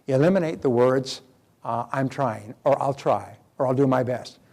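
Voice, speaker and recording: A man giving a motivational seminar talk in a direct, emphatic, animated manner. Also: medium pitch, moderate pace. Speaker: motivational speaker.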